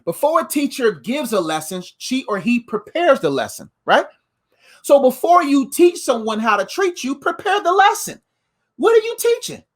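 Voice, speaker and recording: A man giving a motivational faith talk as a life coach, animated and playful, full of slangy asides. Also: very high voice, normal speed.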